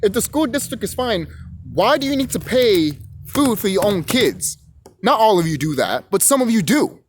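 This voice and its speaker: A man's voice: high-pitched, sing-song, normal speed, faint music behind. A young man ranting to camera, rambling, repeating himself and cursing freely. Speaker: vlogger. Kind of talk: profane rant to camera.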